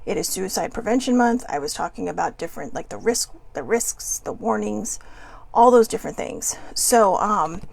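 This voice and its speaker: A woman's voice: mid-range voice, lively intonation, normal speed, gravelly, a little mellow, no echo. A woman host chatting casually to viewers as she reads oracle cards, rambling and upbeat with playful asides. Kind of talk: casual spiritual chat to viewers.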